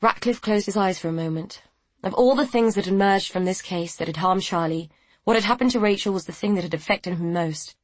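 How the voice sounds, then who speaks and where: Husky-voiced woman narrating a novel. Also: medium pitch, fairly quick, dry recording. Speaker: audiobook narrator. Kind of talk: scripted narration.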